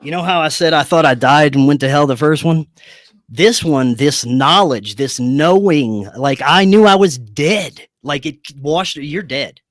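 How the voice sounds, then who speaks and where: A man, a podcast guest, telling a personal story in a lively, casual way, swearing freely and often restarting his sentences. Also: on the high side, unhurried, dry recording, studio quality. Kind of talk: conversational storytelling.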